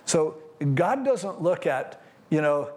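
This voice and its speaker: A man pastor preaching a conversational sermon on scripture, animated and acting out what people might say. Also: fairly high pitch, takes it slowly.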